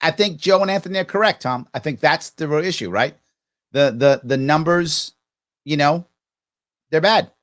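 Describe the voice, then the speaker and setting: A man's voice: fairly high pitch, moderate pace, fairly bright tone. A man, hosting a live ask-me-anything stream and telling stories with mocking voices and sarcastic asides. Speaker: livestream host answering viewer questions.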